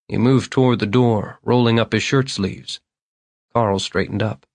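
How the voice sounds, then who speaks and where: A man narrating an audiobook in a steady, measured reading voice. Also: lowish voice, gravelly, no echo.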